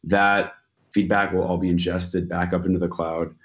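A man's voice: low voice, little pitch movement, moderate pace, dull audio. A man guest explaining a technical topic, filling his sentences with "um" and "you know". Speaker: expert guest.

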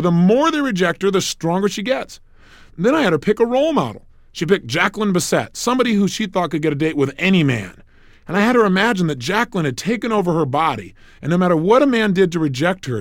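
A man's voice: a little high, no room sound, studio quality. A man giving a recorded self-help lecture as a motivational speaker, emphatic and repetitive, telling stories.

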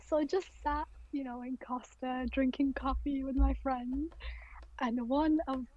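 A young woman from Rochdale, a talkative, loud and confident podcast co-host in casual chat. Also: high voice, steady tone, a little slow, lo-fi sound. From Rochdale, England.

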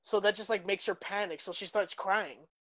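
A woman's voice: medium pitch, steady tone, moderate pace, fairly bright tone, no echo, low-quality recording. A young woman casually telling a long, rambling anecdote, full of fillers and restarts. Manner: rambling, filler-heavy, with laughs. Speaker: storyteller in casual chat. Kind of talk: casual chat.

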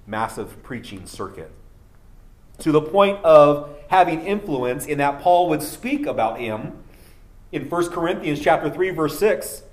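Guy preaching a sermon, earnest, gets loud and emphatic, bit of a cough. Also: a little high. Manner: earnest, rises to emphatic peaks. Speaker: pastor.

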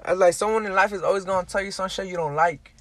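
A young man in casual chat, an animated storyteller who uses heavy slang and profanity and acts out the quotes. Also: sits high, rapid-fire, no room sound.

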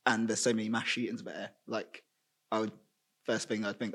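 A man's voice: lowish voice, flat delivery, normal speed, a bit bright, slightly rough. A man in a casual group discussion who speaks hesitantly, with many "like" fillers. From England. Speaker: film discussion participant.

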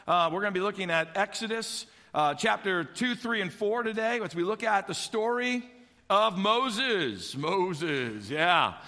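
A middle-aged male pastor preaching, his voice high and bright as he tells stories with animated energy. He acts out childhood voices along the way. The sound carries a long echo, as in a large church hall. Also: measured pace. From Illinois. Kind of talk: sermon.

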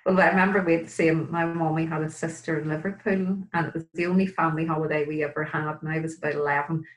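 Woman in her 60s, deep-ish voice, chatty and laughs at herself. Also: steady tone, fast talker, poor audio. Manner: candid and self-deprecating, laughs often. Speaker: guest, Irish language learner. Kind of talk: casual interview chat.

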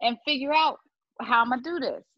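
A woman co-hosting a podcast in casual chat, animated and insistent when making her point. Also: high voice, brisk, no room sound. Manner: animated, insistent, laughs often. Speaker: podcast co-host. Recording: dry, slightly dull lo-fi sound.

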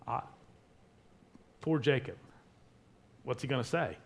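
A man preaching a sermon, emphatic, with wide swings between soft and loud. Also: mid-range voice, expressive, takes it slowly, gravelly. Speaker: pastor.

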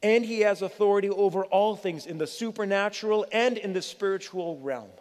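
A man's voice: sits high, a little mellow. Earnest preaching man, reverberant church hall. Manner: earnest, pleading preaching with dramatic pauses. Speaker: pastor. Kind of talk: sermon.

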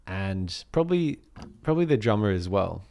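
Man, Australian accent, lowish voice, rambling casual podcast chat. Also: moderate pace, gravelly. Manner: rambling, relaxed, with fillers. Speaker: podcast co-host and musician.

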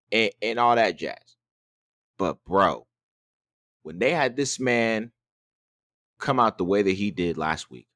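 A man co-hosting a podcast, venting in animated, exasperated bursts that trip over repeated words. His voice sits at an ordinary middle pitch. The sound is close and dry, with no room echo. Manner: animated, exasperated ranting with many restarts. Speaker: podcast co-host. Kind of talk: casual chat.

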